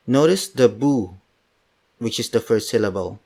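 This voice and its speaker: A man teaching pronunciation on a podcast, saying each example word slowly and repeating it several times, louder on the examples. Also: lowish voice. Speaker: language teacher. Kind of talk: podcast language lesson.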